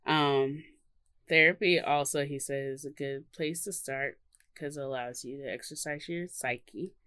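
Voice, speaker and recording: Woman, podcast co-host, low pitch, lots of laughs and fillers, dry recording. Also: fairly even intonation, measured pace, fairly bright tone, clear, resonant tone, no echo. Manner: chatty, laughs often, many fillers. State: hiccups. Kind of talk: casual podcast chat.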